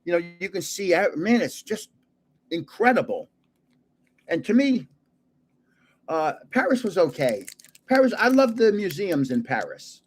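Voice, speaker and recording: A man's voice: high voice, sing-song, a little slow, pauses often, slightly rough. A man in his seventies hosting a casual livestream, rambling, chuckling often and trailing off while searching for words. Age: 70s. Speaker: livestream host.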